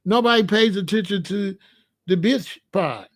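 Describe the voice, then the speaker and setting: A man's voice: high-pitched, animated, a little slow. A man hosting a livestream, lecturing viewers in chat in a preachy, repetitive way. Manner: preachy, lecturing, repeats phrases. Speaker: host.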